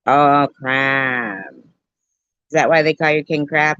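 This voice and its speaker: Woman, livestream chat, slow drawn-out talk, lowish voice, dry dull sound. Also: no echo. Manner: animated, jokey, slow and drawn out. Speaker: livestreamer chatting with viewers. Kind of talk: casual storytelling and chat.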